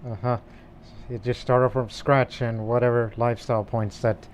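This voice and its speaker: A man co-hosting a casual podcast, speaking hesitantly and filling pauses with many ums. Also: mid-range voice, fairly even intonation. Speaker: podcast co-host.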